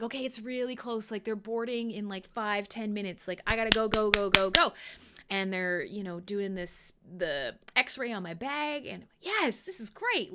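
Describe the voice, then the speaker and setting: Woman, radio host, animated storytelling, bright voice, high and lively. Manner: animated, swearing, laughing, acting out quotes. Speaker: host of a live radio show. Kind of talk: casual storytelling to live listeners.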